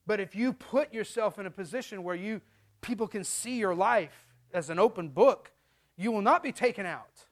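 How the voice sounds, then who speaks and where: A middle-aged man preaching a sermon as a pastor, animated and storytelling, acting out little voices. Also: high voice, normal speed.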